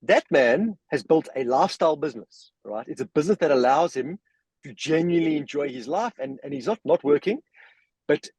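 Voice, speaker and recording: A man's voice: a little high, darkish tone, slightly rough, dry recording, rough recording. A man in a casual podcast discussion, telling anecdotes and making his points with emphasis. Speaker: regular guest.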